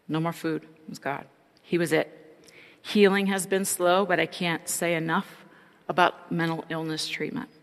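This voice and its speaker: A woman's voice: fairly low pitch, vocal fry, a bit bright, long reverb tail. A middle-aged woman giving an earnest, reflective personal testimony.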